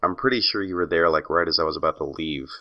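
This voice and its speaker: A man's voice: extremely low pitch, fast talker, lo-fi sound. A man co-hosting a podcast in casual chat, telling stories in a wry, teasing way. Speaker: podcast co-host.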